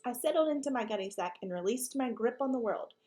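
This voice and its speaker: A woman reading a children's book aloud with lively, expressive storytelling. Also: on the high side, quick pace, faint music behind. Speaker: reader.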